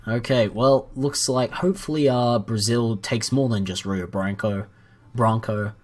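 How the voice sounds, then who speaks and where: A man casually commenting on a strategy game as he watches, playful and jokey, with excited outbursts. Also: mid-range voice, measured pace, slight background noise. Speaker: gaming commentator.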